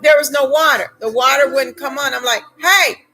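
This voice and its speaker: A high-pitched American woman tells her viewers a story, dramatic and quick to laugh. Her voice is bright and sharp, and she acts out her own shouts along the way. Faint music plays underneath. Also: fairly even intonation, poor audio. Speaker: vlogger telling a travel story.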